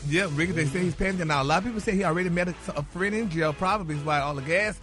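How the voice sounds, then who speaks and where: A man's voice: high-pitched, rapid-fire, fairly bright tone, soft background music. A man reading celebrity gossip on morning radio, dropping "y'all" and "honey" into every phrase.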